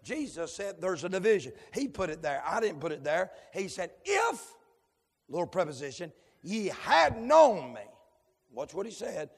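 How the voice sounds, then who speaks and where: A male preacher delivering a fiery sermon in rhythmic cadences, dotted with amens and sudden shouted whoops. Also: high voice, big pitch swings, normal speed, breathy edge. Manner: rhythmic cadences punctuated with amen. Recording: long hall reverb.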